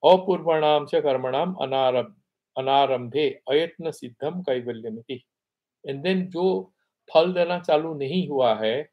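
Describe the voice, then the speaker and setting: A man teaching scripture, reciting Sanskrit verses slowly and then explaining them conversationally. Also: mid-range voice, slightly rough, highs cut off. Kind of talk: explaining Sanskrit texts in a class.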